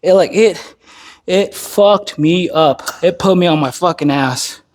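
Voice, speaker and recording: Blunt, profane army veteran man, fairly high voice. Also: measured pace, a little mellow. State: tired, worn down by recent illness. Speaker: army veteran turned speaker. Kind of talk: casual spoken monologue.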